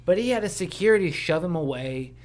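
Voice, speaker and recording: Ranting and cursing with plenty of animation, a male podcast co-host keeps the chat casual and profane. He has a high voice and talks fairly quickly.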